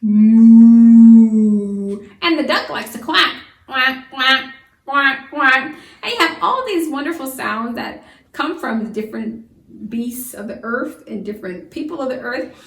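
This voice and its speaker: Speaking to camera, a woman homeschool teacher delivers a children's science lesson at a normal pace in a slightly high voice. Lively and brimming with questions, she answers each one herself. The mic sits a few steps away, and the room echoes.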